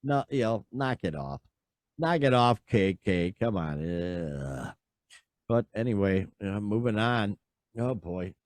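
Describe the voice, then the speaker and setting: A man's voice: fairly low pitch, lively intonation, measured pace, darkish tone, no room sound, clean studio sound. A man hosting a podcast, rambling and exasperated in casual chat. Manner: rambling, exasperated, lots of fillers and sighs. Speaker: podcast host.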